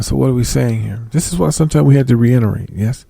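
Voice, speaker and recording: A man's voice: medium pitch, fast, vocal fry, hardly any pauses, mellow, husky, dry recording. A middle-aged man giving a casual sermon, reading scripture aloud and checking with listeners for agreement. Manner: conversational, asks listeners for agreement. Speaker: preacher.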